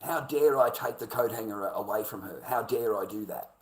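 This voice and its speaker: A man's voice: lowish voice, fairly quick. An Australian man livestreaming a heated, profane rant, repeating himself as he speaks. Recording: roomy echo.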